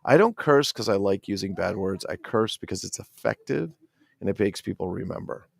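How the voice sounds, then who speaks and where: A middle-aged man with a New Jersey accent hosts a casual livestream, excitable and profane, rambling as he reads out chat comments. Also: lowish voice, normal speed, creaky. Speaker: toy collector livestream host.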